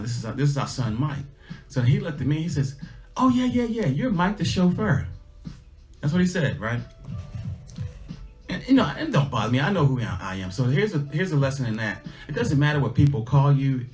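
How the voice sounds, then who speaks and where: Man, middle-aged, livestream host, folksy storytelling, emphatic repetition, medium pitch, soft guitar behind. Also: animated, fairly quick. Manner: folksy, emphatic, repeats his lessons. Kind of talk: casual livestream storytelling with life lessons. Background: faint guitar music.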